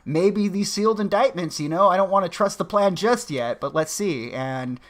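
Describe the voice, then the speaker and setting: A man with a somewhat high voice chats casually as a stream guest. He talks in an offhand, hedging way and drops swear words freely. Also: normal speed, a loud crowd. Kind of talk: casual podcast chat.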